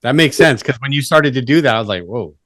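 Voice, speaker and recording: A man's voice: mid-range voice, fast talker, no room sound. Chatty man podcast host, dry sound. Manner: relaxed, chatty, many fillers. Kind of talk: casual conversation.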